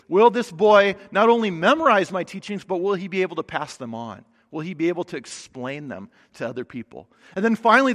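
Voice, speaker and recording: A male pastor preaching a sermon, conversational and emphatic, often dropping soft for stress. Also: high-pitched. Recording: long hall reverb.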